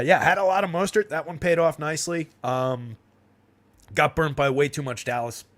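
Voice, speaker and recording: A young man from New Jersey hosting a fantasy sports livestream, rambling in a casual, chatty way with frequent laughs and fillers. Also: mid-range voice. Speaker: fantasy sports stream host.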